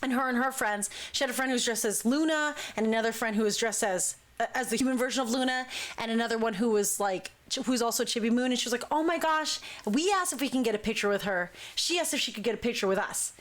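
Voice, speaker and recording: High-voiced woman telling a story. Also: fast. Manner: lively, acts out quoted speech. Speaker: talk show host, dance crew member. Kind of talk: casual storytelling.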